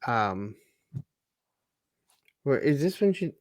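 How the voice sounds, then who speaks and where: A man co-hosting a casual TV recap chat, thinking aloud with fillers and quick asides. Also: mid-range voice, big pitch swings, dry recording, clean studio sound. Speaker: podcast co-host.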